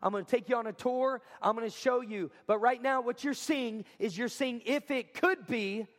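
High-voiced energetic male pastor in a hall. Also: normal speed. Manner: energetic, emphatic, repeats lines for effect. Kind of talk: sermon. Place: school cafeteria or gym used as a church.

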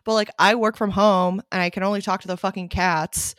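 A woman co-hosting a casual podcast, talking candidly and swearing freely, leaning on "like" and jumping up high when she quotes herself. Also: fairly quick, no echo, clean studio sound. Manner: animated, jumps high when quoting herself. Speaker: podcast co-host. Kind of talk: casual chat.

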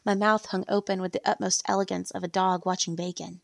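A woman's voice: fairly low pitch, little pitch movement, brisk, creaky, no echo. A woman narrating a first-person romance story in a chatty, wry manner.

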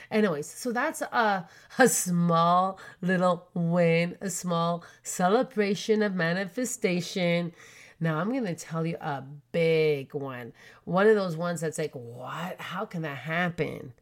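A woman in her forties from Canada, telling personal stories in a chatty, animated way with many fillers. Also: lowish voice, moderate pace. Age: 40s. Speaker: podcast host. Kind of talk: storytelling chat.

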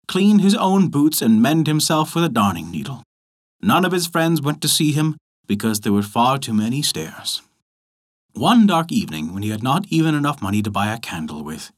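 Give me an animated male storyteller reading a fairy tale, with a lively, rising and falling voice. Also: medium pitch. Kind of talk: folk tale narration.

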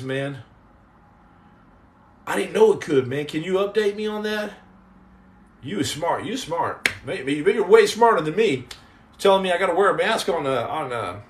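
A man hosting a casual live podcast, joking and teasing viewers in slangy talk that drops into low mutters. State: on house arrest. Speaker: podcast host reading live chat. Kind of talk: casual live-stream chat.

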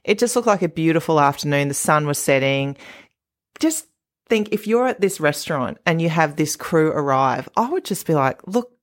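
A woman's voice: sits low, expressive, normal speed. A woman co-hosting a podcast in casual recap chat, chatty and laughing often as she acts out quotes. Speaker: podcast co-host.

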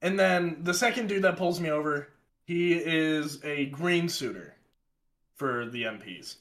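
Profane animated young man telling a story. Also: a little high, a little slow. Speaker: podcast co-host telling a story. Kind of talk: casual storytelling.

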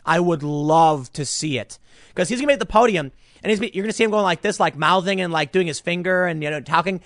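A man giving casual political commentary in an animated, rambling way, often restarting his sentences. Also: high voice, fast talker, no room sound, studio quality.

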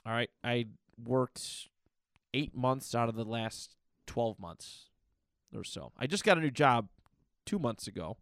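A man with a gravelly edge to his voice hosts a podcast, talking in a loose, reflective way that keeps circling back and restarting. The sound is dry and close, with no room around it. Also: medium pitch, expressive, unhurried, a bit bright, dry recording. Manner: rambling, with frequent restarts and fillers; candid and reflective. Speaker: podcast host. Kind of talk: casual personal monologue.

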